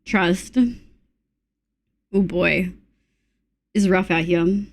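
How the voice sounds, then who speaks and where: A woman's voice: on the low side, level tone, drawn-out words, gravelly. An Australian woman streaming live, greeting her viewers in an affectionate, casual chatty way.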